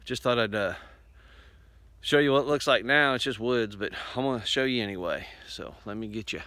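A man with an Indiana accent, vlogging about bushcraft, speaks into his handheld phone camera out in the winter woods. His mid-range voice is brisk with a sharp tone, and he's slightly out of breath from the uphill hike while rambling in an easygoing, folksy style. The recording is rough, with no room sound.

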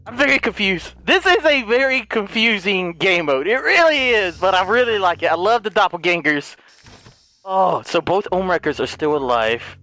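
Excitable man gaming with friends. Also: high voice, moderate pace, dry recording, faint music behind. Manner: excitable, laughing, with sudden loud outbursts. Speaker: gaming YouTuber. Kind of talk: casual gameplay chat.

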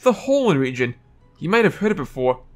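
A man's voice: a little high, big pitch swings, brisk, soft background music. Man reading as an eager professor. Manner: reads dialogue aloud, stumbles over names. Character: eager male professor inviting a trainer.

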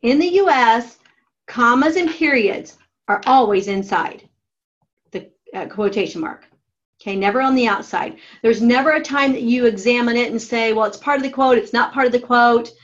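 A woman's voice: a little high, muffled recording. Woman teacher dictating grammar steps. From United States. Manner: slow, deliberate dictation of steps. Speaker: writing teacher. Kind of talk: classroom grammar lesson.

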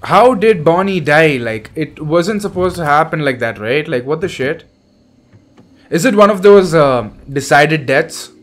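A young man hosting a horror game playthrough, reacting loudly and excitably, with frequent swearing. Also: on the high side, measured pace. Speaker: gaming channel host. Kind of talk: let's play commentary.

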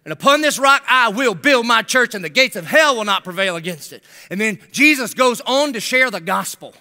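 A man's voice: very high-pitched, lively intonation, a little fast, bright, forceful tone. A middle-aged man preaching a sermon, telling stories animatedly and acting out the voices in them with slangy jokes. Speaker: pastor.

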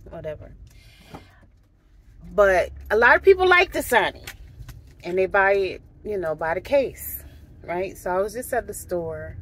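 A chatty woman vlogger tells a story to her viewers in an easy, animated way. Her voice sits at a middle pitch, with a faint hum of noise behind it. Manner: chatty, animated, says "right?" and "um" often. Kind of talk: casual storytelling to camera.

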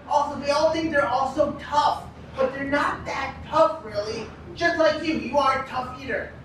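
A man's voice: very high voice, fairly bright tone, slight background noise, voice pushed up. A man voicing a smug male moon who mocks and lectures. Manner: mocking, lecturing. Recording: echoey room from far off.

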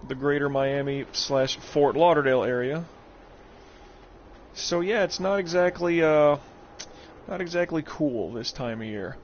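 Profane joking gamer, muffled stream. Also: male voice, a little high, a little slow. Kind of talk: casual gameplay commentary. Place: warm room at home. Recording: muffled stream audio over game noise.

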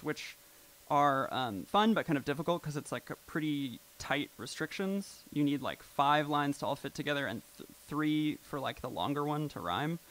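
A man's voice: fairly high pitch, fairly bright tone, low-quality recording. A man presenting at a live event, talking casually and rambling with lots of "like" and "um" fillers. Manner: rambling, filler-heavy, with frequent "like" and "um".

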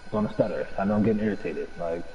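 Young man, gaming commentary, swearing, slangy, low voice, dull lo-fi sound. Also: rapid-fire, very noisy. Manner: profane, slangy, ranting. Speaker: gameplay streamer. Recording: dull lo-fi recording.

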